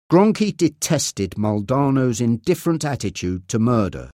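Man reading a story, slow, lively pitch, very dry close sound. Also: no room sound. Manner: slow, clear, expressive. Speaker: narrator. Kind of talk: audiobook reading.

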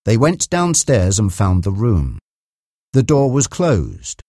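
A man narrating a chapter of an audiobook in a steady storytelling manner. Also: fairly low pitch, slow pace, no room sound, clean studio sound. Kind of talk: scripted narration.

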